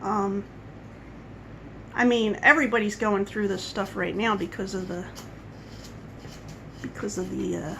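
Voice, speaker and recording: A woman's voice: mid-range voice, fairly even intonation, a little slow, gravelly, pauses often, background noise. A woman vlogger talking at home in a casual coffee-chat monologue, rambling and wandering off on tangents. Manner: rambling, chatty, goes off on tangents.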